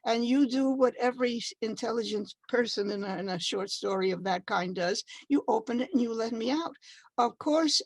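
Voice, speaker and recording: A woman from the Dominican Republic tells playful, humorous stories in conversation. Her voice is a little high and husky. The sound is dry and close. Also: moderate pace, no echo, low-quality recording. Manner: playful storyteller, warm humor. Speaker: interviewer. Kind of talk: conversational interview.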